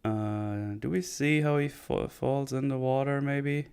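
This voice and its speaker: A man's voice: mid-range voice, unhurried, vocal fry, darkish tone, clean tone. A man giving casual livestream commentary on a TV show, rambling and hesitant as he thinks aloud. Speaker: streamer reviewing a TV show.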